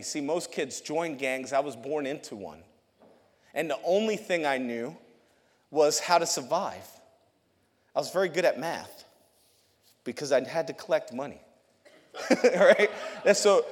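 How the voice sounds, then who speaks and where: A male youth pastor tells his story from the pulpit, his voice sitting a little high for a man. He keeps it lively, laughing often and doubling up his words. The sound rings out with a long reverb through the church hall. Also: moderate pace. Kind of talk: testimony sermon to a congregation. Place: church sanctuary.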